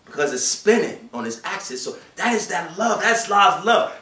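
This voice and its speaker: A man giving a Friday sermon, switching between shouted acted-out voices and hushed, quiet passages. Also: sits high, big pitch swings, moderate pace, hardly any pauses. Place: mosque prayer hall. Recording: echoey room from a distance.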